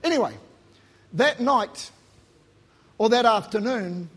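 Preaching slowly, a middle-aged pastor from New Zealand recounts his personal story in a sermon, his accent plainly Kiwi. His voice is husky, breathy and rather high for a man, rising to loud emphasis and dropping to hushed asides.

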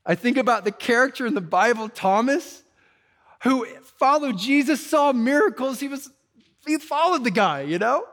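A man's voice: very high-pitched, lively intonation, normal speed, a bit bright. A male pastor preaching a sermon in a conversational, urgent way, full of "like" and "you know".

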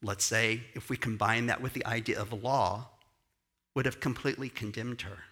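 A man, founder of a dance company, giving an inspirational sermon in a storytelling way that slows and softens for emphasis. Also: medium pitch, steady tone, breathy edge.

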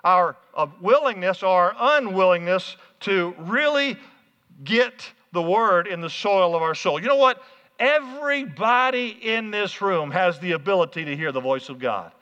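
A man preaching a sermon as pastor, energetic, calling out to the congregation in a church hall. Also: sits high, normal speed, smooth. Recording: muffled, hall reverb.

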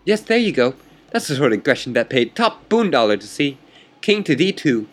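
A man's voice: mid-range voice, sing-song, a little fast. A man voicing a smug male chess player who taunts his opponent in a theatrical, condescending manner.

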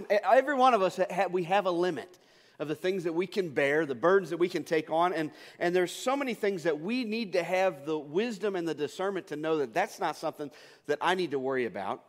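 A man preaching a sermon as pastor, telling stories in a relaxed, casual way and often restarting his sentences. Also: a little high, a little fast, big-room sound. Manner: casual storytelling with frequent restarts.

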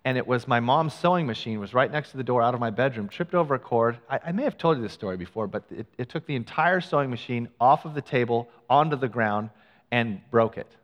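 A middle-aged male pastor telling a personal story in a sermon, animated and acting out what people said. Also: medium pitch, quick pace, muffled recording. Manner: animated storyteller, acts out quoted lines. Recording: long hall reverb.

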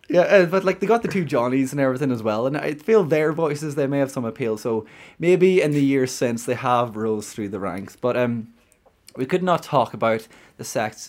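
Upbeat man hosting a chat. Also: medium pitch. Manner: upbeat, quizzes his guest, says wee. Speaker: podcast host. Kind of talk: casual chat.

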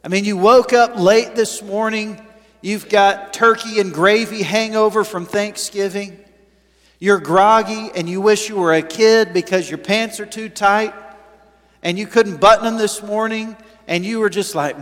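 A pastor with a high, bright voice preaches in a chatty way, throwing questions out to the congregation. He drops to quiet asides, then rises to loud, emphatic points. His voice rings through a large church hall with a long echo. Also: measured pace. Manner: conversational, asks the congregation questions. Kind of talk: sermon. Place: church sanctuary.

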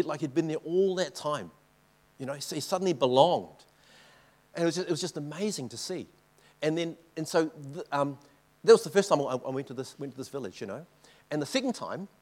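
A man giving an informal church talk with slides, telling stories from the mission field and often checking in with the audience. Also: on the high side. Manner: chatty, keeps checking in with the audience. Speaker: missionary speaker.

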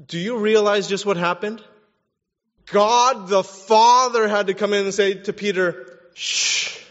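A man's voice: high voice, measured pace, big-room sound, highs cut off. A man preaching a sermon, animatedly acting out voices of the people in his story. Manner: animated, mimics voices of biblical figures. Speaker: pastor.

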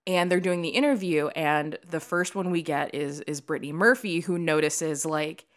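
A woman co-hosting a podcast, chatting casually about a movie, animated and swearing, with lots of "like" fillers. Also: low-pitched, moderate pace. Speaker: podcast co-host. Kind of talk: casual chat reviewing a movie.

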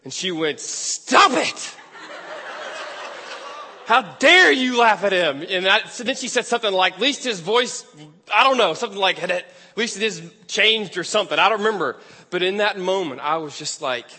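A man's voice: high voice, brisk, pushed and bright. A man preaching a storytelling sermon, chatty and self-deprecating. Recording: long hall reverb.

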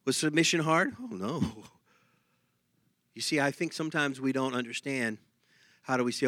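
Männlicher Pastor, hell und lebhaft erzählend. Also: male voice, medium pitch, normal speed, pauses often, no echo, studio quality. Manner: animated storytelling, laughs often, acts out scenes. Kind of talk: sermon.

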